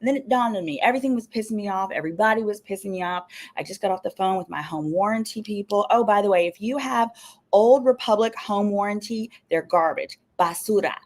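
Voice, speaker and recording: A woman's voice: medium pitch, a little fast, darkish tone. A woman lawyer hosting a casual livestream, chatty and sassy, full of exasperated asides. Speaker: attorney and show host.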